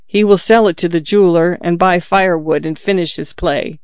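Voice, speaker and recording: A man voicing a gentle, sorrowful statue prince who pleads tenderly in a storybook reading. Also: high-pitched, fairly even intonation, a little fast, clear, resonant tone, no room sound. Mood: pleading. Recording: dull lo-fi, dry.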